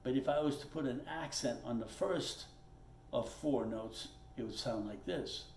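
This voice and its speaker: At a drum kit in a room with noticeable echo and faint noise, a man with a medium-pitched voice teaches at a moderate pace. He explains things one step at a time, repeats himself patiently in plain language, and checks in with "okay."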